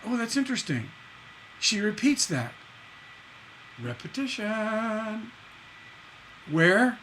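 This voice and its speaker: A man's voice: high-pitched, big pitch swings, measured pace, long pauses, fairly bright tone, slight background noise. A man teaching a live-streamed songwriting lesson, casually explaining lyric stresses, singing and humming lines and tapping out da-da rhythms to show them. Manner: explains casually, checks in with "right?" and answers chat. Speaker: songwriting instructor.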